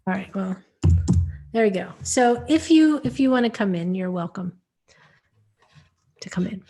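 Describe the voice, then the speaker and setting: A woman's voice: medium pitch, lively intonation, measured pace, warm tone. A woman hosting an online webinar in casual chat, chatty and easygoing, trailing off as she fiddles with posts. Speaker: webinar host.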